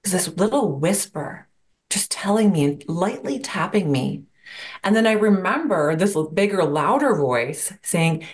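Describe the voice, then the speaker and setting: A woman's voice: lowish voice, lively intonation, measured pace. A woman guest on a podcast, talking about burnout in a reflective coaching manner and posing rhetorical questions. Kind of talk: interview answers.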